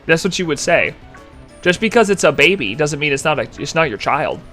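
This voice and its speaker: Animated young man streaming casually. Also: a little high, fairly quick, faint music behind. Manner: rambling, jokey, reads chat aloud. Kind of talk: casual live-stream chat.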